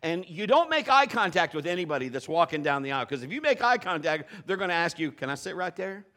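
A man preaching with a high, bright voice that swings all over the place. He tells a story in a sermon, laughing often and acting out every voice. He sounds middle-aged. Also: very animated, fast. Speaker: pastor.

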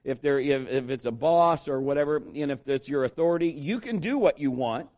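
A man's voice: mid-range voice, fairly quick. A middle-aged man preaching a sermon, telling a personal story and acting out the voices of the people in it. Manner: animated storytelling preacher, acts out quoted voices. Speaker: pastor.

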